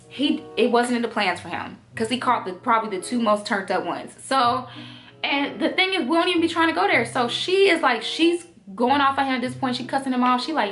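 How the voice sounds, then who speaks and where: Young woman, storytime vlog, high voice, cussing and emphatic, faint music behind. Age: young adult. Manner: animated, profane, emphatic storytelling. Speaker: storytime vlogger.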